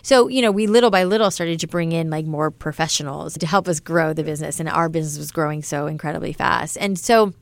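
A woman's voice: low voice, fast, creaky, few pauses, dry recording. A middle-aged woman, a business founder, chatting loosely in an interview with lots of fillers. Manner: chatty, many fillers like "you know" and "like". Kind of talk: casual interview talk.

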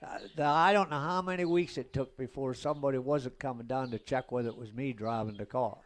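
A man's voice: medium pitch, a little fast, a little hiss or hum. Older male guest, ex-racer, casual rambling storyteller with a middle-range voice who chuckles as he goes. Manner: rambling anecdotes, chuckles between lines. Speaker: guest, former race car driver.

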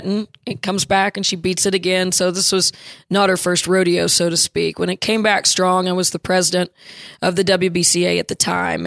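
A woman coach recalls a story in an interview, speaking reflectively with frequent pauses and restarts. Her voice is gravelly and fairly flat in pitch. The sound is dry and close. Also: no room sound. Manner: reflective, halting with fillers and restarts. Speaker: women's basketball coach, guest.

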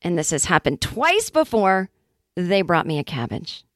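A woman in her forties hosting a comedy podcast, telling a casual monologue in a chatty, wry way with quick acted-out asides. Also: fairly low pitch, very animated, fairly bright tone, no echo, studio quality. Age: 40s. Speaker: podcast host.

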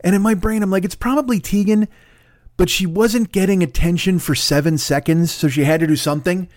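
A man's voice: high voice, brisk, no room sound, clean studio sound. A man hosting a podcast from his apartment, ranting in a casual, profane, rambling comedic monologue. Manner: profane, rambling, animated rants. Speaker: podcast host. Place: home apartment in Los Angeles.

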